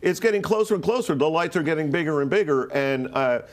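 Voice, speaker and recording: A man's voice: on the high side, animated, fast. A man in his sixties from Rhode Island, telling a personal story as an interview guest in a rambling way, full of "like", restarts and swearing. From Rhode Island, USA. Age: 60s.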